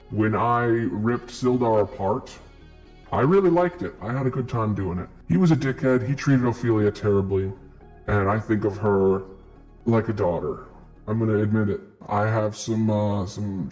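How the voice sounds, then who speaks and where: A man's voice: lowish voice, darkish tone, lightly acted. A man playing Vincent Kane, a blunt werebear. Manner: boastful about violence, blunt. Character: gruff male werebear ex-monster hunter, violent.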